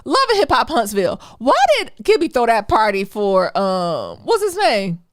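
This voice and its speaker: A woman co-hosting a podcast, chatting casually about TV shows, animated and laughing often with quick asides. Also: fairly high pitch, no room sound, studio quality. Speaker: podcast co-host.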